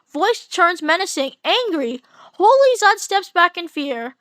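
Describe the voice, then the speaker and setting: Brief: woman host, very high voice, dry close sound, plain casual fanfic narration. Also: big pitch swings, measured pace, fairly bright tone, dry recording. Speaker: channel host reading a fanfic.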